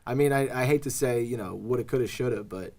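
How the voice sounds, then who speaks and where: A man's voice: mid-range voice, quick pace, darkish tone. A young man chatting earnestly and casually, swearing freely and leaning on fillers like "you know" and "like". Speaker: guest in conversation. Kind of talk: casual chat.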